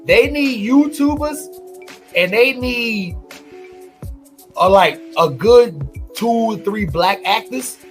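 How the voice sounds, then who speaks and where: A man from New York co-hosting a podcast, talking in a blunt, profane, animated casual way. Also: high voice, takes it slowly, pauses often, faint music behind. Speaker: podcast co-host. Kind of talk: casual chat.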